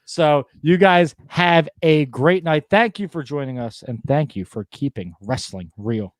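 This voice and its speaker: A man hosts a podcast in a casual, joking way, slipping into voices as he tells stories and swearing freely. His voice sits a little high. The sound is close and dry. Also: unhurried, dry recording. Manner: swearing, laughing storyteller, animated impressions. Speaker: podcast host.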